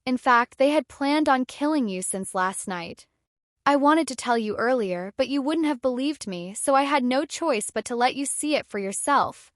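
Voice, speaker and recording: A woman's voice: sits high, animated, normal speed, no echo, clean studio sound. Urgent blunt female companion, read by a woman.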